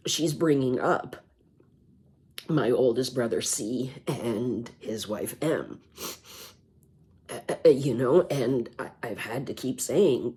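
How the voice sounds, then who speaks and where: Sighing, halting woman with a husky voice. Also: extremely low pitch, lively intonation, mellow. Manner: halting, repeats words, sighs. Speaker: vlogger. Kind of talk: personal emotional vlog.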